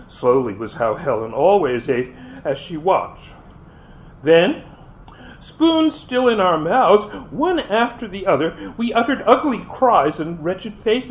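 Male reader, fairly high voice, first-person novel, expressive with small slips; lo-fi, light hiss. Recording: dull lo-fi with faint hiss.

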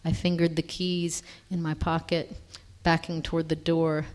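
A woman's voice: low voice, a little slow. A woman reading a story aloud. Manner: expressive, with small self-corrections.

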